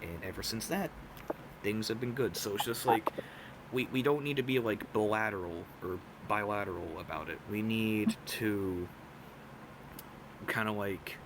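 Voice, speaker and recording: Young male candidate, low-pitched, rambling and filler-heavy; noisy background with traffic. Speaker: debate candidate. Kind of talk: debate answer.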